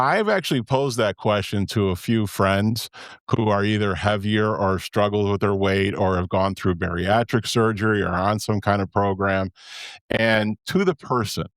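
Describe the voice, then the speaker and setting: A man's voice: lowish voice, dry recording, studio quality. A man in his fifties hosting a podcast, talking candidly in a rambling way and often breaking off mid-sentence. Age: 50s. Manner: candid, rambling, self-interrupting. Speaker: podcast host. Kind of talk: casual podcast chat.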